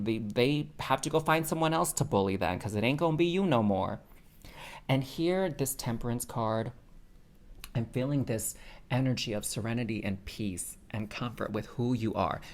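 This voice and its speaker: A man giving a pick-a-card tarot reading as host, sassy and expressive, calling the listener honey. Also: medium pitch, creaky. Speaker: tarot reader.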